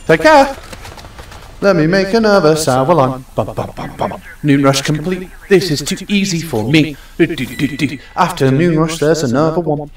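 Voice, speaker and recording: A man's voice: fairly high pitch, normal speed, few pauses, distant mic. A young man streaming a game, chatting casually and playfully bossing around the customers. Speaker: gaming streamer. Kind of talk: casual live-stream commentary. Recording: roomy echo, off from the mic.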